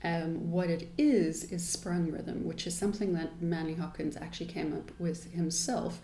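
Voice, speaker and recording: A woman's voice: fairly low pitch, fairly even intonation, normal speed, mellow, a little hiss or hum. A woman, an English teacher explaining a poem in a thoughtful, explanatory way. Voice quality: thoughtful, explanatory manner with restarts. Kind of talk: poetry lesson. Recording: echoey room.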